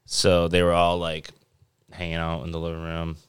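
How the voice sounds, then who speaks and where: A man with a very low, smooth voice tells a long, easygoing story on a podcast. He swears casually and keeps a relaxed, rambling flow. The sound is dry and close. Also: normal speed, no echo. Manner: laid-back storyteller, swears freely. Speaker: podcast host. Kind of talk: casual chat.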